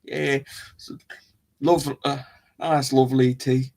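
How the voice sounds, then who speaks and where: A livestream host rambles casually to his chat, often trailing off and restarting his sentences. His mid-range voice is steady in tone and slow in pace.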